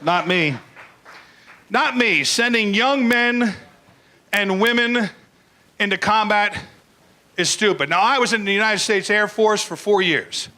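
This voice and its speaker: A man's voice: high voice, unhurried, pauses often, bright, forceful tone, poor audio. An older man doing a crude, blunt stand-up comedy routine, acting out bits in put-on voices.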